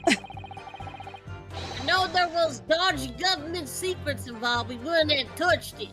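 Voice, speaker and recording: A woman's voice: high-pitched, slow pace, over music. A woman playing a cocky street thug. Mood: brash. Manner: brash, slangy, cheeky.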